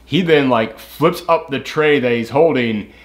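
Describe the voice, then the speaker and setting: A man with a mid-range voice talks a little slowly as he chats casually about a movie. Swearing freely, he rambles with frequent "like" and restarts, and performs the characters' lines in mock voices.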